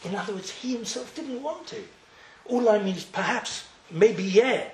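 A religious teacher with a high, swooping voice leads a Torah class at a slightly slow pace, telling the story animatedly. He acts out the characters and fires rhetorical questions at his listeners, and the room rings with echo.

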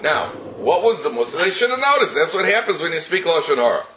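A man's voice: a little high, big pitch swings, fast talker, background noise. A man teaching a Torah class, telling stories with many restarts and chuckles.

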